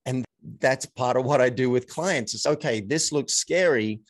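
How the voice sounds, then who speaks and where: A man's voice: medium pitch, moderate pace, no room sound. Reflective male coach, dry sound. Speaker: coach, guest. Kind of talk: casual interview chat.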